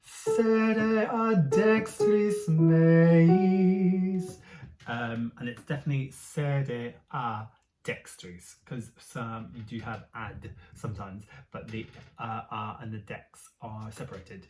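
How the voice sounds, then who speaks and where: A woman leading a choir rehearsal, chanting Latin phrases slowly and adding soft, quick tips in an encouraging, relaxed way. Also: very deep voice, faint music behind. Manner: chanting slow Latin demonstrations between quick, soft asides. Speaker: choir leader.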